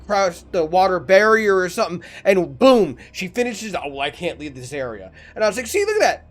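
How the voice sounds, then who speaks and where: A man's voice: high voice, a little fast. A man co-hosting a casual movie review podcast, joking and swearing as he retells conversations. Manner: joking, profane, animated storytelling. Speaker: podcast co-host.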